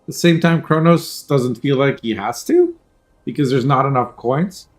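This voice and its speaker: A man casually commentating a card game tournament over a headset, joking and rambling, often clearing his throat. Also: medium pitch, normal speed. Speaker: tournament caster.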